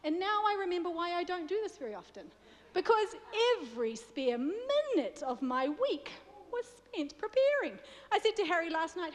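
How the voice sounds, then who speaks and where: High-voiced New Zealand woman preaching. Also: big pitch swings, normal speed. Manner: chatty, self-deprecating, joking with the congregation. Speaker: guest preacher. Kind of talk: sermon. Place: church. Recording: long reverb of a church hall.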